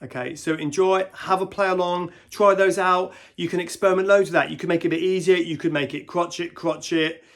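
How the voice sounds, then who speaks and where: A man's voice: high voice, steady tone, brisk, hardly any pauses. A man teaching guitar in a casual way, counting beats and scatting rhythms aloud. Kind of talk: casual instructional talk. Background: guitar and backing track playing.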